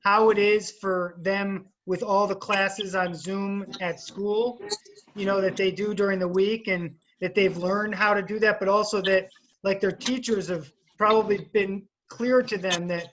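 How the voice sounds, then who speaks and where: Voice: mid-range voice, fairly even intonation, measured pace, a bit bright, a little hiss or hum, rough recording. A teacher on a video call speaking casually and hesitantly with many fillers. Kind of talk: casual discussion.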